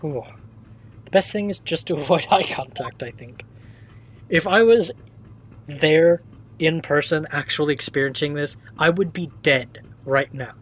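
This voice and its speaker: A man's voice: fairly high pitch, unhurried, poor audio. A man streaming a game, making chatty, joking asides. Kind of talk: game livestream commentary.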